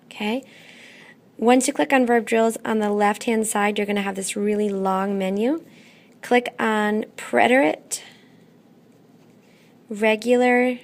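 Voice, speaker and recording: A woman teaching a classroom lesson, patient and methodical, often pausing to check in. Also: medium pitch, vocal fry. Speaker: Spanish teacher.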